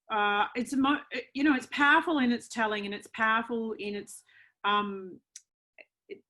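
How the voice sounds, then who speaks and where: Thoughtful woman hosting. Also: medium pitch. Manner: warm, thoughtful, searching for words. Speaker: host. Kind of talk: interview questions.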